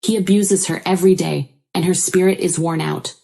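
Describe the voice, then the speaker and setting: Low, mellow woman narrating a story. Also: steady tone, moderate pace, gravelly. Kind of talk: first-person story narration.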